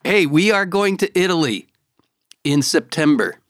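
A middle-aged man co-hosting a podcast, telling stories in an animated way and repeating words when excited. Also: on the high side, unhurried, dry recording, clean studio sound. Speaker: podcast co-host. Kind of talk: casual chat and storytelling.

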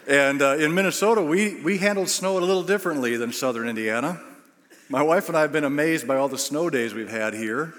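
A man's voice: fairly high pitch, brisk, a bit bright. A middle-aged man preaching a sermon, telling self-deprecating stories and acting out the quotes. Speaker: pastor. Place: large church auditorium. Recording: long hall reverb.

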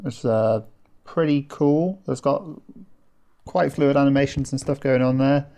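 A man's voice: medium pitch, measured pace, mellow. A man chatting in a laid-back, noncommittal way on a gaming podcast. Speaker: podcast co-host. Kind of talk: casual chat.

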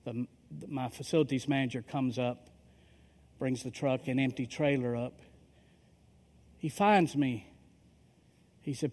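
A man's voice: medium pitch, measured pace, pauses often, a little mellow. A middle-aged male pastor telling a story in a sermon, acting out the dialogue of the people in it. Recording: long reverb of a large hall.

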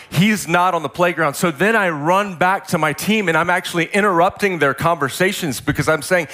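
A middle-aged man from California preaching a sermon, telling a story with strong emotion, repeating words, shouting at peaks and dropping to near-whispers. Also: fairly high pitch, moderate pace. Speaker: pastor.

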